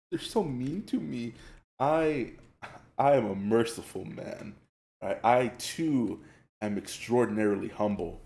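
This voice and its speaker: Young guy streaming, rambly storytelling, laughs a lot, kinda warm tone. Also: on the low side, gravelly, roomy sound. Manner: animated storytelling, laughs often, rambling restarts. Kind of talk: casual chat while gaming.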